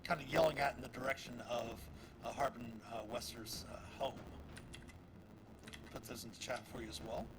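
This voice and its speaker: A man narrating a tabletop game as game master, full of fillers and pauses. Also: medium pitch, steady tone, background noise. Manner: halting narration with many fillers. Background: background music.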